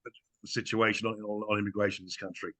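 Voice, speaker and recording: A man's voice: on the low side, level tone, racing, fairly bright tone. A man as a guest in a casual political chat, indignant and emphatic. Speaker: guest commentator.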